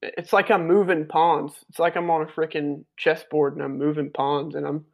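Creaky and a little high, his voice barely moves in pitch and keeps a normal speed. He's a podcast guest in casual conversation, spinning loose, laughing tales with a profane edge.

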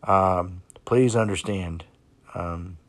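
Deep-voiced man hosting a motivational podcast. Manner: slow, plain-spoken, with many fillers. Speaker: podcast host.

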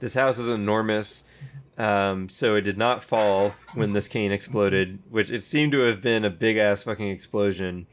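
A man's voice: fairly low pitch, fairly even intonation, normal speed. A man casually recapping a show for co-hosts, rambling and swearing freely with frequent laughs. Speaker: podcast co-host recapping an anime. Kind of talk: casual chat.

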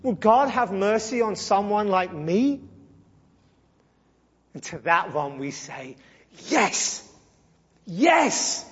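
A male pastor with a notably high voice delivers a sermon in a conversational, emphatic way, breaking off for playful asides. The recording is dull and lo-fi, with a long reverb from the hall around him. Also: animated, slow, pauses often, husky.

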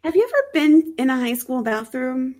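A woman co-hosting a podcast recaps a movie in wry, chatty talk, laughing often and sounding a little sick. Her high voice is very animated and a little mellow, moving at a normal speed.

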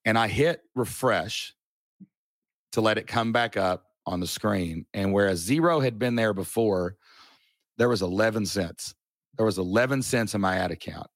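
A middle-aged man telling a personal story in a casual chat, animated and earnest, with a folksy way of talking. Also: medium pitch, dry recording, studio quality. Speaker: podcast guest.

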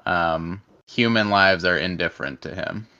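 A man's voice: low voice, measured pace, bright, forceful tone. A man chatting casually as a podcast co-host, easygoing and agreeable. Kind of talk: casual film review chat. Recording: dull lo-fi audio.

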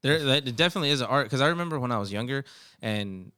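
A man with a low, smooth voice talks quickly in slangy, casual podcast chat and swears freely. His speech is crisp and close on the mic, with a dry, deadened room around him. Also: animated, pushed and bright, no room sound. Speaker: podcast host.

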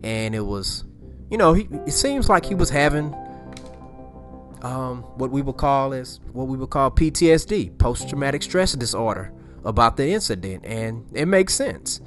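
A man's voice: medium pitch, lively intonation, normal speed, fairly bright tone, soft background music. A man casually retelling a movie scene, rambling and repeating himself with slangy asides. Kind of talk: casual storytelling.

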